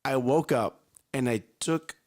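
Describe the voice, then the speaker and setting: A man co-hosting a morning talk show, giggly and animated as he chats about family life. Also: mid-range voice, measured pace. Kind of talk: casual chat.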